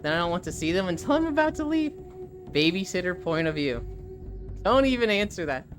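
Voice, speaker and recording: A woman streamer in casual, rambling live chat, candid and quick to swear. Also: fairly low pitch, very animated, over music. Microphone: desk microphone.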